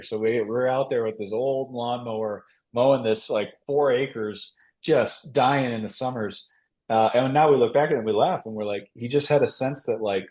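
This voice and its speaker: A priest from Minnesota speaking frankly and earnestly as a guest on a podcast. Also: male voice, medium pitch, moderate pace, darkish tone. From Minnesota, United States. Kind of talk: casual podcast interview.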